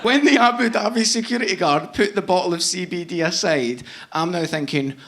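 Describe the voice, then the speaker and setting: A male stand-up comedian on stage, telling jokes with punchy, deadpan timing and laughing asides. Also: high-pitched, a little fast, background noise. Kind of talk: stand-up routine. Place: live comedy venue on stage.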